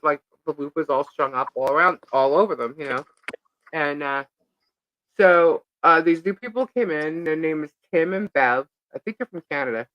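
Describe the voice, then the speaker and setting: A woman's voice: deep voice, pushed and bright, no room sound. Dry-sounding woman, rambling and laughing. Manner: rambling storyteller, laughs often, many fillers. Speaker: co-host of a live stream. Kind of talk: casual live-stream chat.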